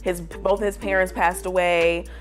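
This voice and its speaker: A woman's voice: fairly low pitch, little pitch movement, a little slow, faint music behind. A young woman vlogging casual celebrity gossip to camera, slangy and dramatic with lots of fillers. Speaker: vlogger giving pop culture opinions.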